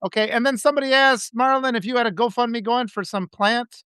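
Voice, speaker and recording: A man's voice: very high voice, a little fast, sharp tone, smooth, dry recording. A man hosts a casual live video talk, his stories spilling out in an emotional, meandering stream. The sound is dry and close, with hardly any room around his voice. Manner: emotional, rambling storytelling. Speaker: host.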